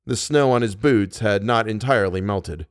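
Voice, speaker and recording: A man reading a short story aloud as the narrator, in a steady, deadpan way. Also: fairly low pitch, normal speed, no echo, studio quality. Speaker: podcast narrator.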